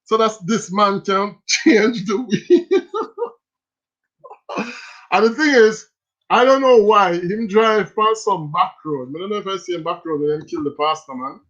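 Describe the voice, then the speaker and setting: High-voiced Jamaican man telling stories. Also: unhurried. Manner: animated, laughs often, speaks in patois. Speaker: livestream host. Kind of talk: casual storytelling. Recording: slightly dull lo-fi sound.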